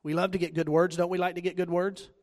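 A man's voice: high voice, level tone, fast. A man with a Southern US accent preaching a sermon, telling stories with self-deprecating humor. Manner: joking, self-deprecating storytelling.

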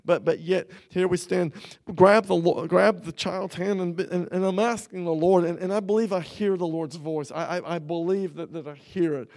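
A man preaching an emotional personal testimony, halting and repeating words as he speaks, growing earnest and intense. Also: sits high, fairly even intonation, a little mellow.

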